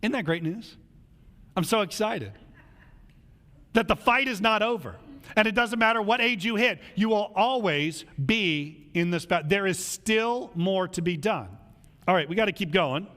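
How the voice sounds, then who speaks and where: A male pastor delivers a sermon in a lively, conversational way, acting out the people he quotes. His voice sits high for a man and climbs and drops all over the place. It carries a long hall reverb, like a large church sanctuary. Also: moderate pace. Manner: animated, conversational preaching that acts out quoted voices.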